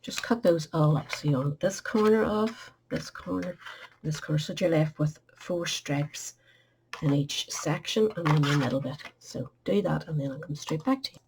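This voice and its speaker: Low gravelly woman teaching a craft. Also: moderate pace, noisy background. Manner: chatty, instructive, drops to a murmur at times. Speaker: craft tutorial host. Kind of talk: step-by-step craft demonstration.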